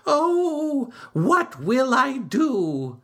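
A woman voicing a chatty, boastful male turtle in a storybook, with high wailing pleas and a slow sing-song. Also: huge pitch swings, fairly bright tone, exaggerated voice. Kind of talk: storybook read-aloud.

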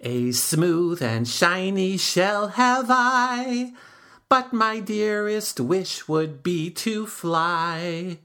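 A woman voicing a chatty, boastful male turtle in a storybook, with high wailing pleas and a slow sing-song. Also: fairly bright tone. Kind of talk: storybook read-aloud.

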